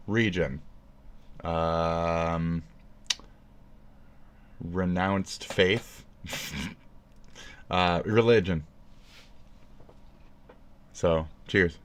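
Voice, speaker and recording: A man livestreaming a profane, sarcastic rant, jumping from loud outbursts to low mumbles. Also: very slow, pauses often, smooth. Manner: profane, sarcastic, swings between shouting and mumbling. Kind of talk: casual stream rant.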